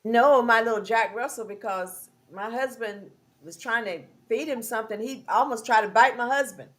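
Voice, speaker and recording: A woman hosting a casual chat, telling a story with lively acted-out dialogue. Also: on the high side, normal speed. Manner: animated storyteller, acts out dialogue. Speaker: host.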